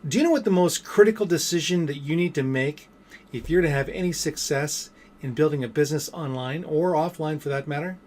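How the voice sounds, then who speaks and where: A man's voice: a little high, fairly quick, a little mellow, slight background noise. A middle-aged man vlogging as a business coach, telling stories in a loose, chatty way with lots of fillers and restarts. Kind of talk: casual motivational talk to camera.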